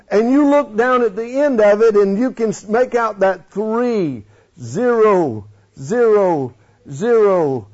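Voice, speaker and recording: A man preaching a folksy, animated sermon in church, questioning his congregation. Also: extremely high pitch. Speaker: pastor. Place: church sanctuary. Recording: dull lo-fi sound.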